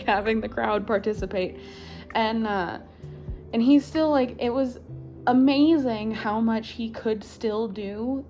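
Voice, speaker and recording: A young woman chatting casually to camera from her living room floor, laughing often and filling her talk with "like" and "um". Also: medium pitch. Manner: chatty, animated, laughs often, many fillers. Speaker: vlogger.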